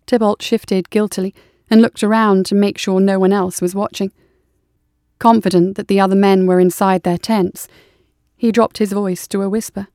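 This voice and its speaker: A woman reading a war story aloud as audiobook narration, in a steady, measured way. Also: mid-range voice, dry recording, studio quality.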